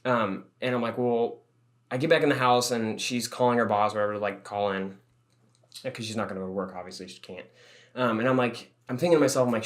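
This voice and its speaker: A man's voice: mid-range voice, fast talker. A young man co-hosting a podcast, telling a rambling story in casual chat, swearing and laughing often. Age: young adult. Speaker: podcast co-host.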